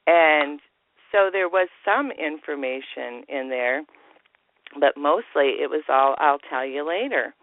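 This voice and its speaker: Gravelly man on a tinny phone line. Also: fairly high pitch, unhurried, dry recording. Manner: storytelling, acts out quoted voices, frequent laughter. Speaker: caller. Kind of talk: phoned-in personal story. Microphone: telephone.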